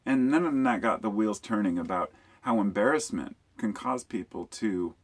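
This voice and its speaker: A man vlogging to his channel, retelling a run-in with a rude customer in a rambling, animated way and acting out the quoted lines. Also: lowish voice, normal speed, breathy edge. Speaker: YouTuber. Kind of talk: casual storytelling vlog.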